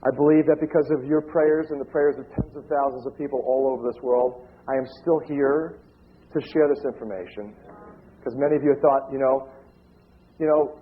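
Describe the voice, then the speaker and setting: A man giving a storytelling speech to an audience, animated and acting out the voices he quotes. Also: mid-range voice, normal speed. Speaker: lecturer. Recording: narrow phone-like lo-fi sound.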